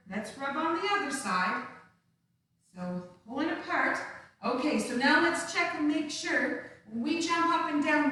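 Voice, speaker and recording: High-voiced woman as a children's dance teacher, encouraging, far from the mic in a very echoey room. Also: sharp tone, slight background noise. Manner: upbeat, coaxing, speaks to small children. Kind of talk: live-streamed kids' dance lesson. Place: room at home, some distance from the camera.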